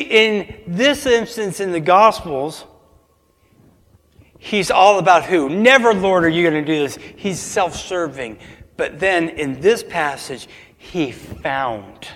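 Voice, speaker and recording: A man's voice: a little high, a bit bright, long reverb tail. A man preaching a sermon as pastor, asking the congregation call-and-response questions.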